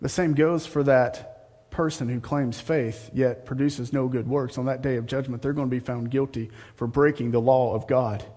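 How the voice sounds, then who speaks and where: A man preaching a sermon as a pastor, reading scripture and rising to a high, mocking voice when he turns sarcastic. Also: fairly even intonation, normal speed, warm tone, big-room sound.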